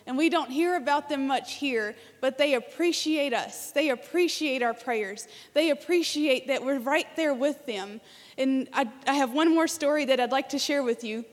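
A woman from Arkansas, a guest speaker in a church, telling an earnest story and leading prayer. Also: high-pitched. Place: church sanctuary. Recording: church hall reverb.

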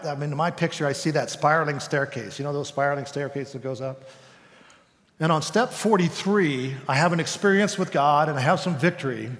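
A man's voice: fairly high pitch, long reverb tail. A male pastor preaching a sermon in a conversational way, sometimes acting out voices.

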